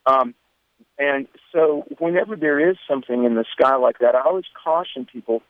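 A man's voice: medium pitch, a little fast, no room sound. Southern man on a tinny phone line. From American South. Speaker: radio guest, pastor and co-host. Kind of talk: phone-in radio interview.

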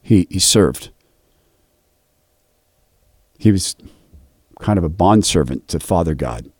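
Man, youth Bible study leader, lively pitch, animated storyteller, devotional talk. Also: takes it slowly, husky, dry recording, clean studio sound. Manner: animated, acts out quoted dialogue.

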